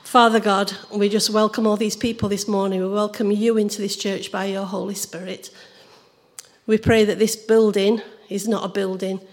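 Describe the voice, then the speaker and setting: Hoarse woman, church prayer leader, warm cheerful delivery. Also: mid-range voice, level tone, moderate pace. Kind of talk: leading prayer and reading scripture.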